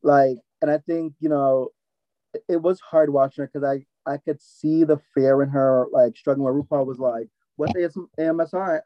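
A man's voice: fairly high pitch, steady tone, normal speed, no room sound, muffled recording. A man co-hosting a podcast, rambling through his opinions and acting out quoted moments. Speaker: podcast co-host. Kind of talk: casual recap chat.

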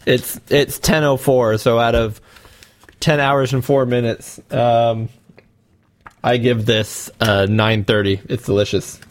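A man's voice: medium pitch, steady tone, slow pace. A man in an easygoing podcast chat, wandering through his thoughts with plenty of fillers and jokes. His voice sits in a middle register. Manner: rambling, joking, filler-heavy. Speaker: podcast host. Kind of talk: casual chat.

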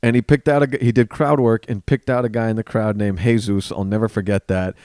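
A man, a comedian guest on a podcast, telling stories in casual chat with lively swearing. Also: fairly low pitch, a little fast, no room sound, studio quality. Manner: animated storyteller, swears freely.

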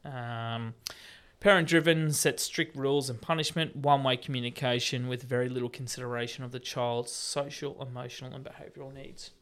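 A man, co-hosting a casual podcast chat and telling stories in a jokey, animated way. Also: mid-range voice, brisk. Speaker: podcast co-host.

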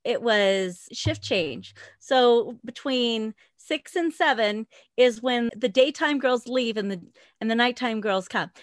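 A woman in her forties telling a wild story in an interview, loud and animated, laughing often. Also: a little high, slow, dry recording, studio quality. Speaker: guest, former dancer with a podcast.

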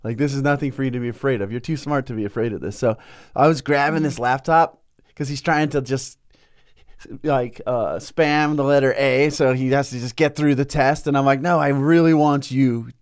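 A man's voice: mid-range voice, a little fast, clean tone. A man co-hosting a talk show, chatting casually and acting out the voices of people in his stories. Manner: animated storyteller, acts out quoted voices. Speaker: co-host. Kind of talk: casual chat.

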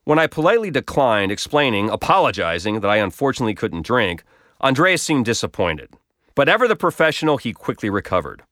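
His delivery sing-song and brisk with a fairly bright tone, a blog storyteller recounts something from his own life with wry, self-deprecating humor and freely shifting pitch. The recording has a close, dry sound with no echo from the room.

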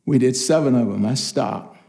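An older man preaching a personal testimony, telling stories with lively quoted voices. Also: medium pitch, moderate pace, gravelly. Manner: animated storytelling, acts out quoted voices. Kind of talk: testimony sermon.

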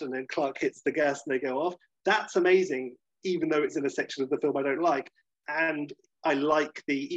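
A man co-hosts a podcast, chatting casually and animatedly as he reviews films and acts out quotes in high, silly voices. His voice is slightly rough, and the recording is dry and muffled.

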